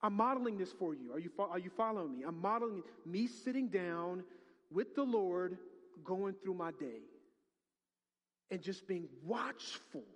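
A middle-aged male pastor preaching a sermon, swinging from hushed, prayerful murmurs to loud, excited exclamations. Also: sits high, big-room sound.

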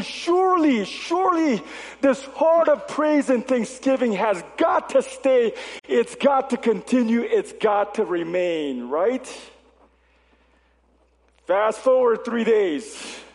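A man preaching a sermon, reading scripture aloud and asking the congregation rhetorical questions with animated delivery. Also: very high-pitched, gravelly, long reverb tail. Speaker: pastor.

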